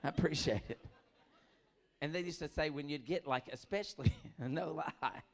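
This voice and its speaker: Middle-aged male stand-up comic, lively storyteller who acts out characters. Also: on the high side, normal speed. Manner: animated storytelling, acts out voices, laughs often. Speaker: stand-up comedian. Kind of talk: stand-up comedy set.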